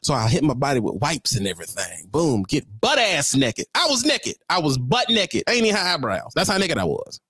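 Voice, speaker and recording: Middle-aged male trucker, storytime vlog; high-ish, very animated delivery, slangy, chatty, dry close sound. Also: brisk, hardly any pauses, slightly rough, dry recording. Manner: animated, slangy, chatty, talks straight to viewers. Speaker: truck driver telling a story.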